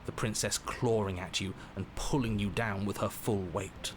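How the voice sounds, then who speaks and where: A man voicing a game's narrator, describing grim events in a measured, matter-of-fact way. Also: lowish voice, steady tone, background noise, close to an everyday voice. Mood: calm. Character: calm male storyteller narrating grim events. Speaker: game narrator. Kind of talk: scripted narration.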